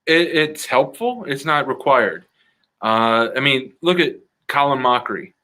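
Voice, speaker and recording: Earnest man with a bright voice, from the Chicago area. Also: medium pitch, expressive, unhurried. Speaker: improv comedian guest. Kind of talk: casual interview answers.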